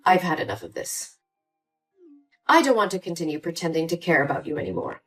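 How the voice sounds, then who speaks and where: Casting: a woman playing a cold, manipulative older mother, lower and lively-voiced, with faint music behind. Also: a little fast. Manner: sweet at first, then cold and dismissive. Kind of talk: scripted story voice acting.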